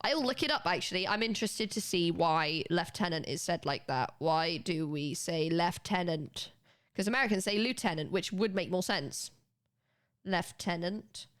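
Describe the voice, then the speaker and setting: A young British woman streaming and chatting casually with her chat, animated and quick to laugh, with casual swearing. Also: lowish voice. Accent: British English. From United Kingdom. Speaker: livestreamer.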